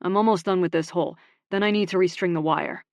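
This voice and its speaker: A stubborn man who keeps his answers short and clipped, voiced by a woman narrator reading an audiobook, with a lowish pitch and a close, dry sound. He stays guarded and tight-lipped. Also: fairly even intonation, fast talker, darkish tone, no room sound, close to an everyday voice. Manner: clipped, defensive replies.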